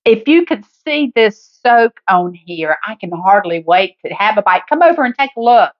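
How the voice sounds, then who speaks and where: Speaking at a moderate pace with big swings in her mid-range pitch, this Southern US woman hosts a cooking demo in her kitchen, though the audio sounds dull. Her manner is homey and chatty, and she addresses viewers straight on as "guys" and "honey."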